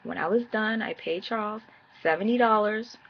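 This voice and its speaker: Animated woman telling a story, lo-fi. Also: medium pitch, normal speed. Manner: animated, acts out quoted dialogue in casual slang. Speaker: vlogger. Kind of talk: personal storytelling to camera.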